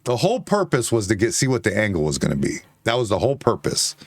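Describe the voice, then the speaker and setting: A man's voice: fairly low pitch, wildly swooping pitch, quick pace, no room sound, studio quality. A man arguing heatedly on a bar-talk show, defensive and insistent, swearing and repeating himself. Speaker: co-host.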